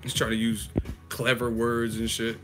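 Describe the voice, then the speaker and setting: A man's voice: medium pitch, completely flat delivery, normal speed, music in the background. A man hosting a live chat stream, roasting a viewer in a profane, mocking, laughing way. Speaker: livestream host.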